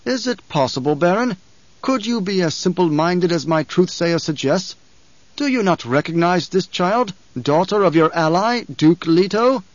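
A man's voice: sits high, animated, moderate pace, no room sound, pitched above the performer's own voice. A man voicing a scornful, commanding emperor. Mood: mocking. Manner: loud, commanding, sneering. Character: imperious male emperor, menacing and scornful. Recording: dry, slightly dull audiobook recording.

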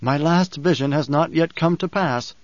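A man reading an audiobook, voicing a boy possessed by his dead father, speaking gravely and slowly. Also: a little high, no room sound, natural voice. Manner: grave, slow, halting. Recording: dry, slightly dull studio recording.

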